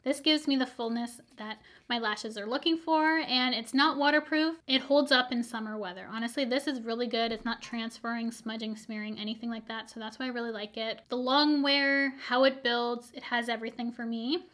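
A woman beauty vlogger reviewing used-up products in a chatty, upbeat way, her voice a little hoarse from filming all day. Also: on the high side, a bit bright. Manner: chatty, upbeat, rambling asides. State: slightly hoarse, losing her voice.

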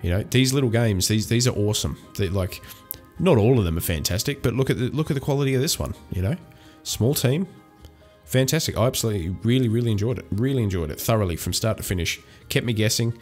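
A man's voice: fairly low pitch, lively intonation, fast talker, soft background music. A young man chatting casually while playing a video game, rambling with many fillers and restarts. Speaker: gaming channel host. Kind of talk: casual let's-play commentary.

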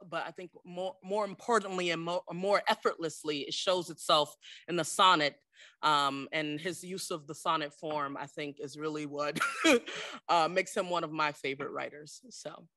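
A man's voice: a little high, steady tone, normal speed, sharp tone, dry recording, studio quality. A man giving a persuasive speech for a poetry book at an indoor library event, earnest and hesitant, with many fillers and "right?" tags. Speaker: debate speaker championing a poetry book.

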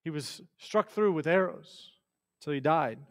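A man delivers a sermon in a higher-than-usual voice. He preaches with passion, swinging between loud, ringing declarations and soft, hushed phrases. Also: expressive, unhurried.

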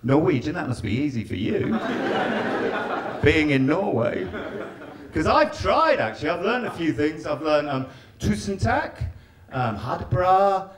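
Performing stand-up before a laughing live audience, a male comic chats with people and teases them. He speaks at a measured pace in a fairly high, sing-song voice.

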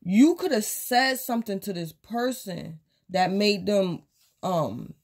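A woman's voice: medium pitch, animated, slow, darkish tone. Woman casually giving a tarot reading. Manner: speaks directly to the viewer, acts out imagined quotes. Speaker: tarot reader.

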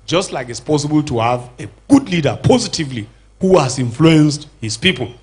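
Nigerian man, middle-aged, husky, fairly high voice, earnest church lecture, rhetorical questions. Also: animated, a little fast, a little mellow. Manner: repeats words as he searches for a phrase. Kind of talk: public lecture to a church audience.

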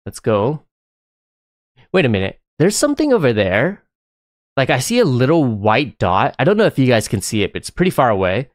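A man giving excitable, chatty live commentary while playing a game, often breaking into laughter. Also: mid-range voice, moderate pace, dry recording, studio quality. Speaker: live streamer.

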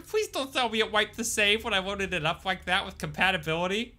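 A man giving casual live-stream commentary while playing a game, chatting with viewers and breaking into sudden excited outbursts. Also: sits high, fast, music in the background. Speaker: gaming streamer.

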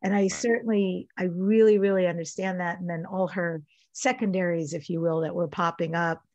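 A middle-aged woman hosts a podcast and answers her guest with warm affirmation. Her voice sits a little low for a woman. The recording is close and dry. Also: steady tone, normal speed, no room sound, highs cut off. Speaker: podcast host. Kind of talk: interview conversation.

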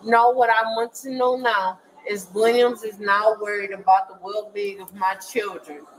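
A woman's voice: medium pitch, flat delivery, moderate pace, a little hiss or hum, rough recording. A mother arguing heatedly with police outdoors on school grounds, agitated and insistent, repeating herself again and again. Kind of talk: heated confrontation.

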